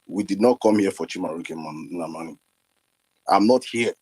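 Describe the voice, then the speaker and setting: A man's voice: low-pitched, normal speed, a little mellow, slightly rough, rough recording. A man speaking up in a live audio chat room, angry and insistent, repeating his points. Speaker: participant.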